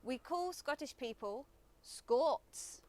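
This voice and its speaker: A woman giving an instructional lesson, explaining words in a careful, deliberate way. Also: high-pitched, animated, a little mellow. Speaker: language teacher.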